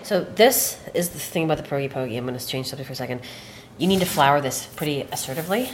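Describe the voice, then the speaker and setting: Low-voiced profane woman chef. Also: quick pace, noisy background. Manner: animated, profane, chatty. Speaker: chef, guest. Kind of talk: casual storytelling while cooking. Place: kitchen.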